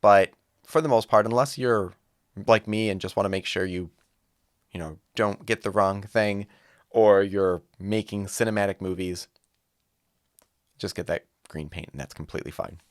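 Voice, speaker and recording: Relaxed man explaining online teaching setup. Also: lowish voice, normal speed, pauses often, no echo, clean studio sound. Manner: casual, explanatory, demonstrative. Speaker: music teacher. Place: home studio with green wall. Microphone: studio microphone.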